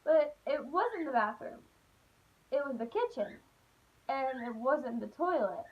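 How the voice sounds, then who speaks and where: A young woman telling a childhood story on her vlog, animated and full of "like", acting out the voices. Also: high voice, unhurried. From Appalachian United States. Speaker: vlogger. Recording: dull lo-fi recording.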